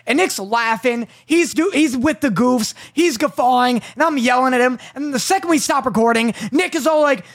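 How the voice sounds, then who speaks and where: A young male podcast co-host with a fairly high voice. There's a gravelly fry running through it. He needles his partner in a mock-serious, teasing way. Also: a little fast, few pauses, fairly bright tone. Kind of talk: casual podcast banter.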